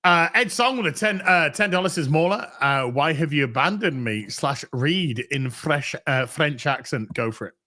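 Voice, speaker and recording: A man's voice: on the high side, animated, moderate pace, few pauses, pushed and bright. A man hosting a casual show, reading viewer messages in a dry, offhand way. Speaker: podcast host reading donations. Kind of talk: casual chat.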